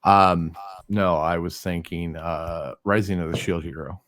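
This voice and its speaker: A man's voice: deep voice, fairly even intonation, measured pace, a bit bright. A man joining a casual chat as a guest, hesitant and full of fillers, swearing casually.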